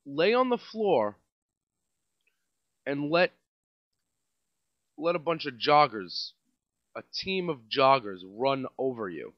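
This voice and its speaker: A man with a New York accent doing a comedic rant as a podcast host, sarcastic and mocking, his voice swinging between loud outbursts and mutters. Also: mid-range voice, big pitch swings, slow pace, pauses often, dry recording, lo-fi sound. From Staten Island, New York.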